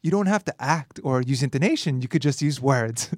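A man hosting a language lesson podcast, explaining grammar in a lively way, laughing often and acting out dialogue lines. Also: medium pitch, brisk, no room sound, studio quality. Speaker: language teacher and host.

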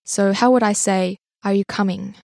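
A woman presents a language lesson podcast, explaining points clearly and in a friendly way, and questioning her co-teacher. Her voice sits mid-range and is recorded dry and close. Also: mid-range voice, steady tone, normal speed, a little mellow, no room sound.

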